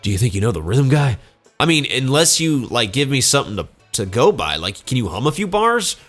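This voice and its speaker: Sarcastic let's play host. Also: male voice, medium pitch, very animated, brisk, a bit bright, faint music behind. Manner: sarcastic and joking. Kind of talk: casual gameplay commentary.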